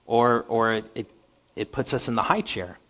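A man preaching a sermon, halting and repeating words, moving from animated stretches to hushed earnest ones. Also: medium pitch, highs cut off.

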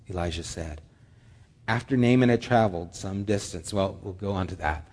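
A man preaching a sermon as pastor, acting out quoted lines with lively shifts in pace and pitch. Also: normal speed. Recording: hall reverb.

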